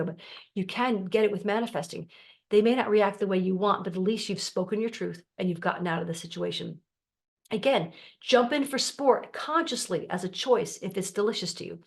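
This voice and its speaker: A middle-aged woman coaching her viewers in a calm, explanatory way, acting out the voices of the family members she quotes. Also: fairly low pitch. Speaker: life coach. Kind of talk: teaching to camera.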